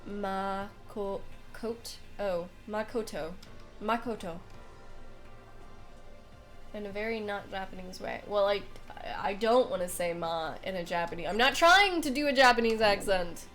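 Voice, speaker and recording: A woman's voice: mid-range voice, expressive, fairly quick, fairly bright tone, soft background music. A young woman streaming a game, chatting casually and giggling as she greets her viewers. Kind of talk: casual live-stream chat during a game playthrough.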